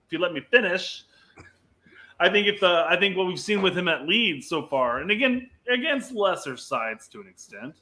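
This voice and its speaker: A man's voice: high voice, animated, normal speed, bright, forceful tone. A man co-hosting a soccer podcast, speaking emphatically and analytically, swearing casually. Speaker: podcast co-host.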